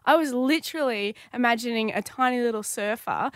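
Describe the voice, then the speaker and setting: A woman's voice: on the high side, fairly quick, a little hiss or hum. A woman co-hosting a radio show, chatty and giggly in casual talk. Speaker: radio co-host.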